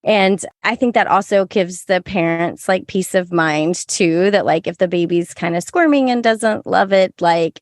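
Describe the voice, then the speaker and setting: A woman hosting a podcast as a lactation consultant, chatting in an animated, giggly way that jumps to high playful tones. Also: dry recording, studio quality. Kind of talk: casual podcast chat.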